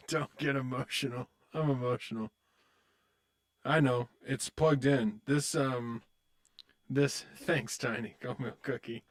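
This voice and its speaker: Speaking slowly with fairly even intonation at medium pitch, this poker streamer mutters and swears about his hands. Then he turns to his viewers for loose, joking, upbeat chat, the casual commentary of a live stream.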